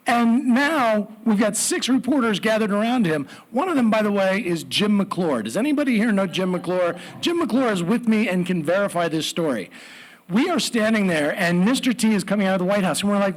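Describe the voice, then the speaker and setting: A man telling a personal story at a live story slam, animated with comic asides. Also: high-pitched, a little fast.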